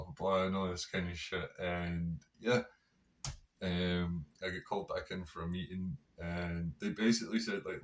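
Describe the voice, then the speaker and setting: Deep-voiced man telling a profane story. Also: moderate pace. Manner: profane, swears constantly; animated, rambling storyteller. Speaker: podcast host. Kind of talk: casual storytelling monologue.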